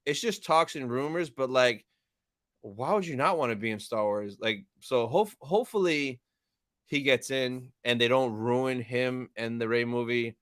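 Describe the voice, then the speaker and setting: A young man hosting a live stream, reading chat and thanking viewers in an upbeat, chatty way. His voice is smooth and clear, at a middle pitch. The sound is dry and close to the microphone. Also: a little slow, a bit bright, no room sound.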